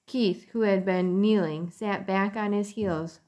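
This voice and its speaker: A woman reading a children's chapter book aloud with gentle, clear storytelling. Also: mid-range voice, steady tone, unhurried, hardly any pauses. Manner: gentle, clear storytelling; casual chatty sign-off. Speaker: storybook reader.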